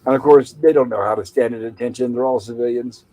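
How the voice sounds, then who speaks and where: A man's voice: medium pitch, quick pace, dark tone, rough recording. A man casually retelling a TV episode scene by scene as a podcast co-host, quoting its lines in his own plain voice.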